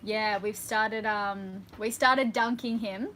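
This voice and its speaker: A woman's voice: medium pitch, fairly even intonation, takes it slowly, fairly bright tone. A woman co-hosting a casual live question-and-answer chat, reading viewer questions and laughing often. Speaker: co-host. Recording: noisy background with clicks.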